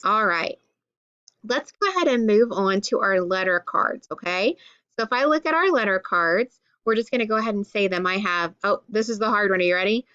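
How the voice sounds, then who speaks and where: Slow, patient woman teaching phonics. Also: mid-range voice, fairly bright tone, no echo, highs cut off. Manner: clear, encouraging, sounds out letters slowly. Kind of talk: phonics lesson for children.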